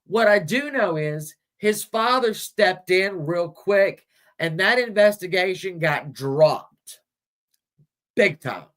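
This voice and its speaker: A woman's voice: lowish voice, lively intonation, slow. A woman hosting a livestream, chatting casually about history with viewers, rambling and chuckling with crude asides. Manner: searching images on screen while talking. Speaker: livestream host. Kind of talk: casual history chat with live chat.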